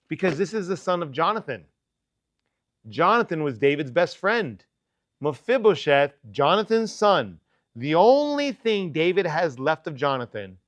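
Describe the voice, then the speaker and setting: A youth preacher with a fairly high voice delivers a sermon to teens, keeping it loose, joking and conversational. The audio is close and dry, without room echo.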